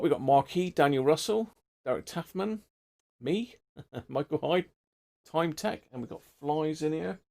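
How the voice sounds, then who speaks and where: Middle-aged man, rambling live-stream host, casual chat, mid-pitched voice. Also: darkish tone. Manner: chatty, rambling, greets viewers by name. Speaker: livestream host. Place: home workshop.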